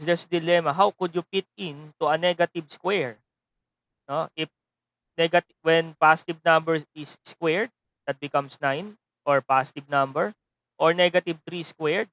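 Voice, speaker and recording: Male teacher, Filipino accent, higher-pitched, loose and rambling online lecturer; muffled call audio. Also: fairly bright tone, smooth. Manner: rambling, tags phrases with a questioning "no?". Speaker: seminary mathematics teacher.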